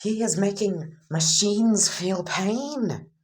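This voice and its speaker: A woman's voice: a bass voice, sing-song, unhurried, a little mellow, full character voice. A woman voicing an exasperated male hero teacher who rants in disbelief. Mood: incredulous. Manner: incredulous, ranting.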